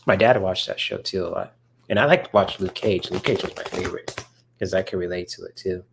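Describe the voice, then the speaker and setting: Against a noisy background, a man with a low-pitched, creaky voice talks fairly quickly. Hosting a casual livestream, he answers chat questions from viewers in a rambling, filler-heavy way, enthusiastic about comics.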